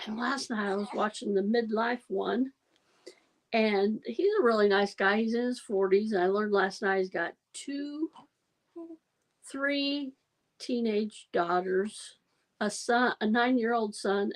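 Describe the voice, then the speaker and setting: Give me a talkative woman hosting a relaxed livestream, with a fairly high voice. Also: low-quality recording. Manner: rambling storyteller, chatty, laughs often. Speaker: livestream host. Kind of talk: casual chat.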